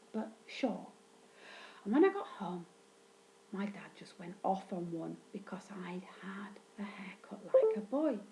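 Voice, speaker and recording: Brief: woman vlogger, dry and sweary, mellow tone, faint hiss behind. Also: vocal fry, rough recording. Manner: wry, deadpan, sweary humor with sudden pitch jumps. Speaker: vlogger recounting childhood. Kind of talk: casual storytelling monologue.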